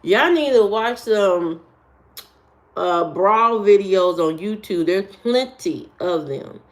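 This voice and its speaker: Brief: woman streamer, sassy and unhurried, talks back at trolls in chat. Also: medium pitch, lively intonation. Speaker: live streamer. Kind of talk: casual live-stream chat answering comments.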